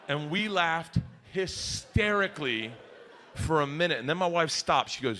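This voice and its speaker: High, lively-voiced middle-aged comic. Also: male voice, a little fast. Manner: profane, exasperated storytelling. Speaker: stand-up comedian. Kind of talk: stand-up storytelling. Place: comedy stage before a live audience. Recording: live set with audience noise.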